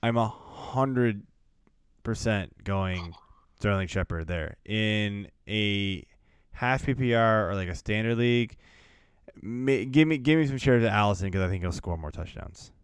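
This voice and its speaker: A man co-hosting a podcast, steering a casual chat with quick questions. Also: fairly low pitch, clean tone, no room sound, clean studio sound. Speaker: podcast co-host. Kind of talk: casual fantasy football chat.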